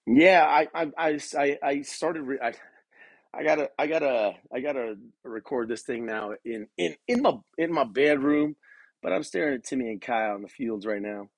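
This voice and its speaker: A young man hosts a podcast from his bedroom, pacing and rambling in a relaxed way at a normal speed. His voice sits at a medium pitch on a dry recording, and he swears often while calling the listener "man" and "dude."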